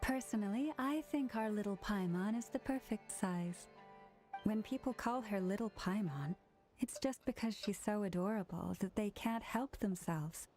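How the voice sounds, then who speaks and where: A woman playing a gentle, polite young woman in a video game, speaking in an even, mid-pitched voice. Faint game music runs behind her. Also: moderate pace, natural voice.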